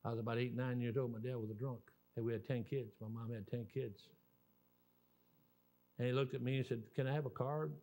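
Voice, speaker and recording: A man's voice: medium pitch, a little fast. A man in his sixties with a Southern US accent, preaching a sermon as a guest preacher and telling stories in a folksy, rambling way. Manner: folksy, animated storytelling with rambling restarts.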